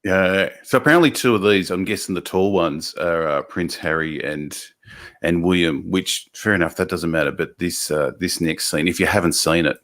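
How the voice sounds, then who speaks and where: A man's voice: low-pitched, normal speed, a bit bright. A man hosting a live show, rambling and sarcastic in casual chat. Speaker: host.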